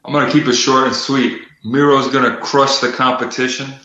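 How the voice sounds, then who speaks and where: A man's voice: mid-range voice, flat delivery, moderate pace, bright, forceful tone, echoey room, muffled recording. A man co-hosting a casual wrestling predictions chat, joking and laughing often as he reads out picks. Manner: laughs often, jokey asides. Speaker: co-host reading predictions.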